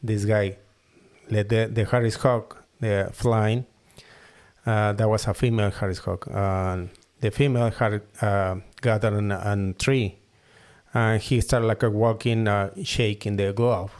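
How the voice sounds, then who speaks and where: A man from Mexico whose first language is Spanish, speaking halting English with a Mexican accent as a guest in a casual interview, often repeating words as he searches for them. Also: fairly low pitch, fairly even intonation, darkish tone. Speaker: guest falconer and hood maker.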